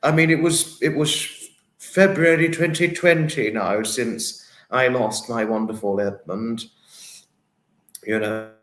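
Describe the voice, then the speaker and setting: A man's voice: mid-range voice, slow, fairly bright tone, echoey room. A man hosting a casual livestream, reading chat comments and thanking viewers in an apologetic, effusive, giggly manner. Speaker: livestream host.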